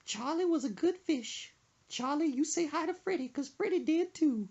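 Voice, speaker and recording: A sobbing, grief-stricken woman wails over her lost fish in a high, tearful voice that swoops all over the place, as a woman puts her on. The recording sounds dull and lo-fi. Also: lively intonation, normal speed, a little mellow. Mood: mournful. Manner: wailing, sobbing and singing in a high voice.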